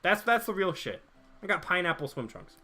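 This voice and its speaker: Young guy streaming, joking w chat, kinda bright highish voice. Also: sing-song, a little fast. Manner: joking, rambling, reads chat aloud. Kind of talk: casual chat with stream viewers.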